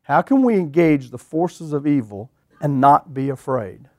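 Folksy preacher, fairly high voice. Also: male voice, measured pace, dry recording, clean studio sound. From eastern Oklahoma. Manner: animated, drawls folksy phrases, rhetorical questions to the congregation. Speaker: pastor. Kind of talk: sermon storytelling.

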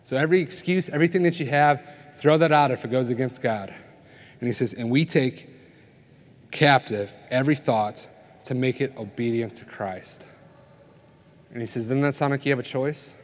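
A man's voice: medium pitch, moderate pace, long pauses. Guy preaching at a conference, chatty, keeps asking "right?", echo hangs in the big hall. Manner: conversational preaching, tells stories, asks the crowd "right?". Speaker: speaker at a family conference. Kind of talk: sermon. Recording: long reverb of a conference hall.

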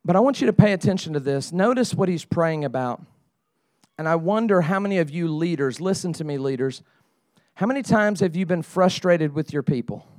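Middle-aged male pastor, high voice, dry close sound, talky sermon delivery that builds to pleading. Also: lively intonation, fairly quick, darkish tone, no room sound. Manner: conversational preaching, rising to emphatic pleading.

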